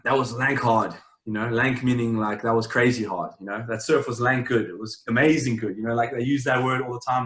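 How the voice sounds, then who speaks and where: Relaxed and meandering, a young adult champion swimmer with a South African accent speaks at mid pitch in a casual interview, looping back with fillers and half-started sentences. The sound is roomy and echoey.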